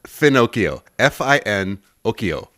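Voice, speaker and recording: A man with a lowish voice that swings up and down a lot, talking casually on a podcast. He quizzes his co-host, laughs often and spells words out letter by letter. The sound is dry and close, with no room echo. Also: very animated, unhurried, fairly bright tone.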